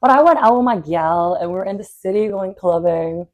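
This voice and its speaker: A young woman co-hosting a podcast, telling a story in a casual, animated way, packed with fillers and swearing. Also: mid-range voice, brisk. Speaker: podcast co-host.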